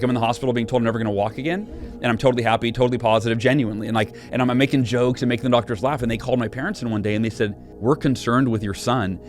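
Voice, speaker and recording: A middle-aged man, an interview guest, telling a personal story earnestly, with many restarts and quick shifts in pace. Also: fairly low pitch. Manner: earnest, animated retelling with frequent restarts. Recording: faint music behind the voice.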